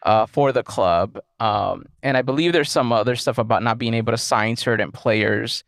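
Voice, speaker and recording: A man co-hosting a podcast in casual sports chat, easygoing and halting, with many fillers and restarts. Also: mid-range voice, vocal fry, no room sound, studio quality. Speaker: podcast co-host.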